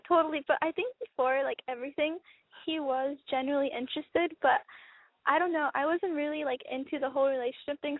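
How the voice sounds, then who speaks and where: A woman's voice: sits high, no echo. A woman calling in while walking outdoors, talking hesitantly with many fillers. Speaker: caller. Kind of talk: phone call. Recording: tinny phone line.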